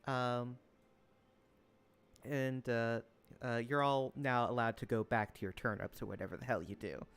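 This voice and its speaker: A man running a tabletop game as game master, narrating with many pauses and filler words. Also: mid-range voice, steady tone, a bit bright, smooth. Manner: halting, full of filler words.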